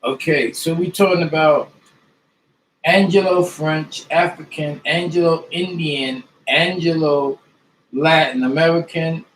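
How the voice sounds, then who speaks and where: Male reader, slightly high voice, flat delivery, recorded in an echoey room. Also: a little hiss or hum. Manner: slow, deliberate list reading. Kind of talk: reading a list of dictionary terms aloud.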